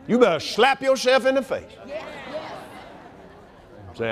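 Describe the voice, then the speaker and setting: A man preaching a sermon at a convention, folksy and animated, sometimes shouting and leading the crowd in repeating lines. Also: very high voice, moderate pace, long pauses. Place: large convention hall. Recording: long hall reverb.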